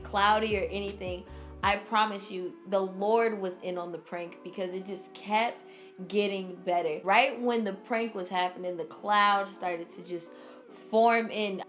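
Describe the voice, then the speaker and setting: Animated young woman telling a story. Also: a little high. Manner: animated, heavy use of "like", dramatic re-enactment. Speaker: vlogger. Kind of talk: casual storytime narration.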